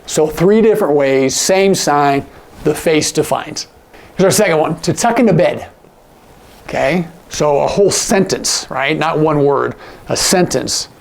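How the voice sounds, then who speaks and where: A man teaching sign language in a casual, animated way, acting out example lines with big jumps in his voice. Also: on the high side, gravelly. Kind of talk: casual instructional talk.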